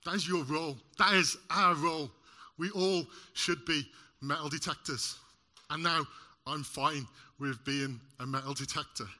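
A man preaches to a congregation with a very bright, ringing tone, pitched a little high. He talks in an animated way, using props and joking with the listeners. The sermon is lively and personal. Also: measured pace. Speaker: lay preacher. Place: church service in front of a congregation.

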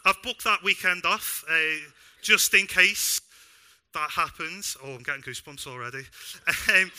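A young man preaching a sermon in a church, animated and self-deprecating with bits of humor. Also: high voice, clean tone. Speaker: pastor.

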